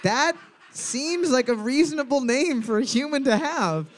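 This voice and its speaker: Lively, high-voiced man hosting trivia. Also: measured pace. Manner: jokey, teasing, laughs often. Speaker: trivia host. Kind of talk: live trivia podcast hosting.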